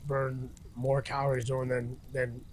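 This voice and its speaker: A man's voice: medium pitch, monotone, unhurried, a little mellow, slight background noise. A middle-aged man talking casually as an interview guest outdoors by a campfire, rambling with many restarts and fillers. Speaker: interview guest, retired fighter.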